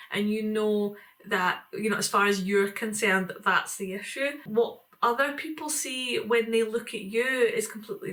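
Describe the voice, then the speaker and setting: A middle-aged woman talks to camera in a relaxed vlog. Her voice sits a little high, and she muses aloud, stopping and restarting her sentences, with plenty of fillers. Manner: rambling, reflective, with many fillers and restarts. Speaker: vlogger. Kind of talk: casual talking-head vlog.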